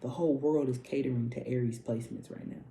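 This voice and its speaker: A woman's voice: a bass voice, fairly even intonation, quick pace, vocal fry, dark tone, slight background noise. A woman spiritual coach giving a casual astrology reading, loose and profane, repeating herself like a preacher. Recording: roomy echo.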